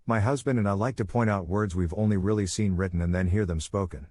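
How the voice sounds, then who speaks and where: A man with a fairly low voice reads forum posts aloud. His delivery is plain, with playful lifts on quoted words. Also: quick pace, hardly any pauses, darkish tone, no room sound. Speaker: narrator reading online posts.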